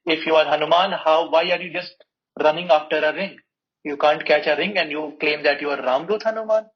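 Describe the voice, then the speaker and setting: A man voicing a mocking male monkey who guards a cave, talking fast and scoffing, in a muffled recording. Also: on the high side, close to an everyday voice.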